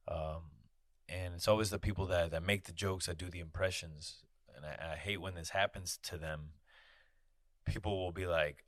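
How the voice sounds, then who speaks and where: A man's voice: deep voice, moderate pace, pauses often, fairly bright tone, no echo, clean studio sound. A man hosting his own podcast, talking in a candid casual monologue, swearing freely and peppering his talk with "you know". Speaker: podcast host. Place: podcast studio.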